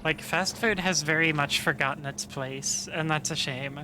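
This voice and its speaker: A woman streamer chatting casually with viewers while playing, relaxed and profane, rambling with lots of fillers. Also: low-pitched, normal speed, background noise. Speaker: game streamer. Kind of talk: casual stream chat reading viewer messages.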